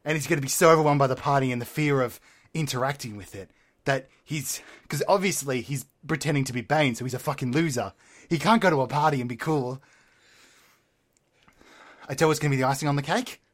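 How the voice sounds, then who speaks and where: A man improvising a comedy bit, loud and goofy, jumping into shouted character voices. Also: medium pitch, a little fast.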